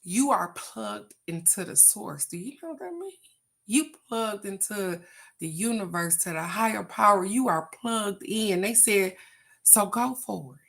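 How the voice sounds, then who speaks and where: A woman's voice: mid-range voice, animated, unhurried, creaky, a bit bright. A woman hosting a casual live oracle card reading, talking straight to her viewers in an encouraging, motivational way. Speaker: oracle card reader, livestream host.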